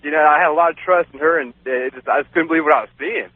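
A man's voice: a little high, racing, dry recording. A man guest on a radio show telling a personal story in a rambling way, with many fillers and laughs. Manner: rambling, laughs often, many "you know"s. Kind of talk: casual storytelling. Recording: dry, phone-like radio sound.

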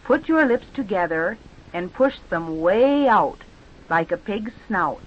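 A woman teacher leading children through movement and speech exercises with slow, patient, drawn-out instructions. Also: mid-range voice, animated. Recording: dull lo-fi recording.

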